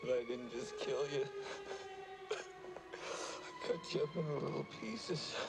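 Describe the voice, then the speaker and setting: A man's voice: fairly high pitch, big pitch swings, slow pace, creaky, full character voice. An actor playing a shaken father just woken from a terrible nightmare, speaking in a breathless, unsettled way. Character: unraveling father waking from nightmare. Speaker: film character. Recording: old film audio with heavy noise.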